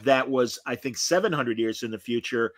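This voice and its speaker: A man co-hosting a casual fan chat, opinionated and animated, with frequent restarts. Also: mid-range voice, normal speed, no room sound. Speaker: podcast co-host.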